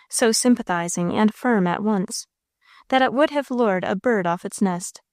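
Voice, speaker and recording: A woman narrating a classic novel as an audiobook, in a steady, measured way. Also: mid-range voice, no room sound, studio quality.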